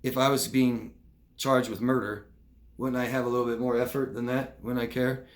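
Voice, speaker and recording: A man gives a coaching lesson straight to camera. He talks casually, in an everyday voice, and keeps breaking into quick acted-out examples to make his points. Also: medium pitch, level tone. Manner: conversational, acts out short demonstrations of lying and truth-telling. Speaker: relationship coach. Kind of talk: instructional talk to camera.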